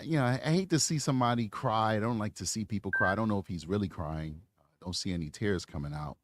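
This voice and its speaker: A man's voice: mid-range voice, dry recording, clean studio sound. An American man hosting a live true crime show, giving emphatic, rambling commentary on clips and reading viewer chat.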